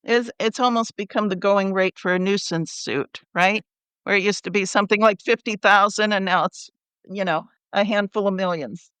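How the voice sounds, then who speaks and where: A woman's voice: mid-range voice, fairly even intonation, normal speed, fairly bright tone, smooth, no room sound. A woman hosting an interview, asking questions with some restarts and short agreeing sounds. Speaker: interview host.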